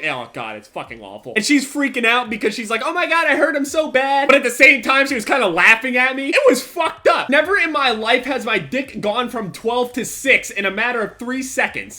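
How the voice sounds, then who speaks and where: A young man tells a comedic story straight into his camera, with a fairly high voice. The delivery is bright and forceful, animated and blunt, with plenty of swearing. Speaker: vlogger.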